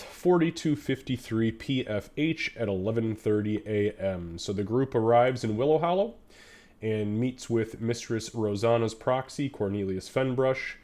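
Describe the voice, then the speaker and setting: A man's voice: mid-range voice, moderate pace, a little mellow. A man with a nasal, stuffed-up voice from a head cold, hosting a tabletop game stream in a loose, rambling way. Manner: loose, rambling, with fillers and swearing. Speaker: game master. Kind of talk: casual live-stream chat.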